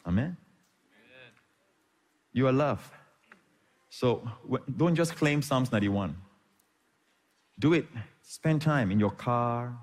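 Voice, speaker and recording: A man's voice: medium pitch, expressive, slow, pauses often. Preaching male pastor in an echoey hall. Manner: preaching with frequent amens, Hebrew terms. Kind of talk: sermon.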